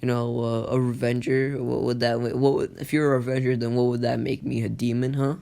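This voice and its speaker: A man voicing a brooding teenage demon ninja who taunts his rival in low, menacing lines. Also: level tone, fairly quick, gravelly, warm tone, close to an everyday voice. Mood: taunting.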